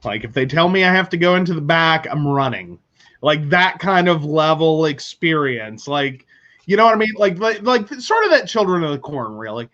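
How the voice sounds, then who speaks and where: A man's voice: a little high, expressive, normal speed, pushed and bright, dull audio. A man hosting a casual talk show, rambling along with many filler words. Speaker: host. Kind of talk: casual chat.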